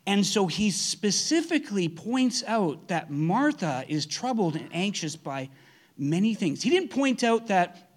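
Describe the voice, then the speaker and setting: A man's voice: high-pitched, big pitch swings, measured pace. A man preaching a conversational sermon, earnest, often restarting his sentences. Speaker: pastor.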